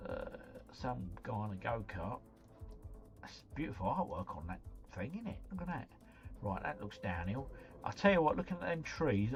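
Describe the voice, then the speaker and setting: A man thinking aloud on a live stream, muttering to himself and then breaking into exclamations. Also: lowish voice. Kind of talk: live-stream commentary while playing a geography guessing game. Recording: slightly muffled, faint background music.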